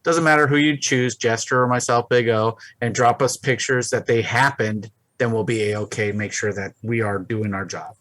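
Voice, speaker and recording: A man co-hosting a podcast, telling a crude work story in a casual, animated way. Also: mid-range voice, normal speed, few pauses, dry recording. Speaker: podcast co-host.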